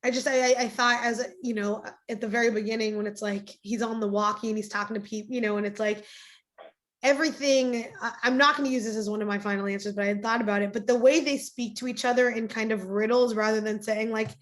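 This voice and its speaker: A woman pastor talking casually as a podcast guest, animated and rambling, often restarting her sentences. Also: on the high side, quick pace. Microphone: video call.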